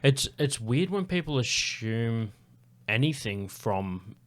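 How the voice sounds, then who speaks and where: A man's voice: mid-range voice, big pitch swings, takes it slowly. A man in casual podcast chat, rambling with lots of fillers and restarts and frequent swearing. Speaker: podcast guest.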